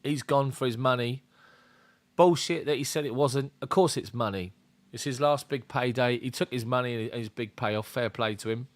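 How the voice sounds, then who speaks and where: A man's voice: mid-range voice, moderate pace, dry recording. A man hosting a casual football fan live stream, talking bluntly and greeting viewers by name. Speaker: football fan channel host.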